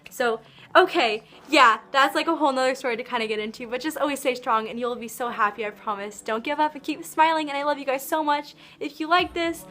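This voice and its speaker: A woman's voice: sits high, steady tone, fairly quick, pushed and bright. A young woman vlogging, gushing and bubbly, with many filler words as she recaps her day. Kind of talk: excited fan vlog recap.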